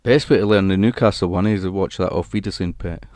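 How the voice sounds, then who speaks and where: Jokey streamer, low and dry. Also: male voice, fast, hardly any pauses, a little mellow, dry recording. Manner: jokey, laughs at his own attempts at accents. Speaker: live streamer. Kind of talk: casual chat reading live comments.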